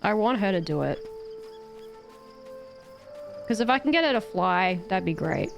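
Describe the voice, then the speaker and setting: A woman's voice: medium pitch, expressive, fairly quick, creaky, faint music behind. A woman streamer chatting casually while gaming, ranting animatedly with swearing and laughter.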